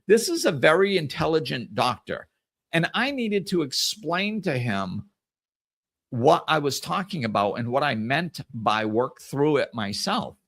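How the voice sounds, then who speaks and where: Man, podcast host, casual solo talk, lively up-and-down pitch, emphatic repeats. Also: unhurried. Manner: animated storytelling, acts out conversations; emphatic, repeats phrases for effect.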